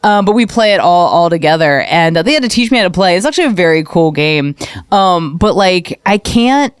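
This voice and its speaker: A woman's voice: lowish voice, animated, a little fast, smooth, dry recording, clean studio sound. A young woman on a podcast, telling crude comic stories with lots of acted-out voices. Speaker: podcast guest. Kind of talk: casual comedic chat.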